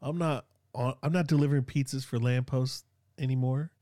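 A man's voice: mid-range voice, fairly even intonation, a little fast, mellow, dry recording, studio quality. A man from Sacramento with a Northern Californian accent, chatting casually and rambling with lots of fillers and slang. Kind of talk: casual chat.

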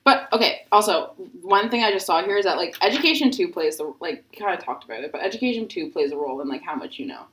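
Low-voiced young woman, rambling casual chat. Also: animated, fast, few pauses, fairly bright tone, roomy sound, a little hiss or hum, low-quality recording. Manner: rambling, heavy use of filler "like", frequent swearing.

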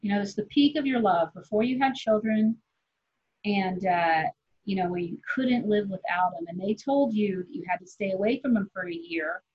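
A woman in her forties talks loosely and candidly, drifting from thought to thought and swearing without a second thought. Her voice is a little husky. The recording sounds dull and lo-fi. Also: mid-range voice, darkish tone. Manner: rambling, candid, swears freely, quick laughs. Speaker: comedian guest. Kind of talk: casual podcast chat.

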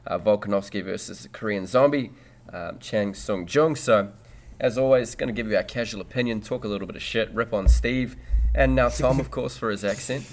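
A man's voice: lowish voice, fairly quick, few pauses, slight background noise. Boisterous joking podcast host man. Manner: boisterous, joking, swears freely. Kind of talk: casual podcast chat.

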